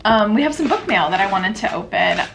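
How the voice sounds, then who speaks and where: A woman's voice: medium pitch, lively intonation, fairly quick, creaky, noisy background. A young woman chatting casually in a reading vlog, bubbly and gushing, with lots of "like" fillers. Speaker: book vlogger.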